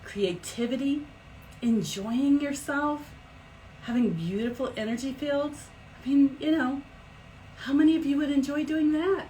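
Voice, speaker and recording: A middle-aged woman hosting a live stream as an energy healer, talking in a chatty, animated way with big swoops in pitch. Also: measured pace, a little hiss or hum, rough recording. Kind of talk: casual live-stream talk.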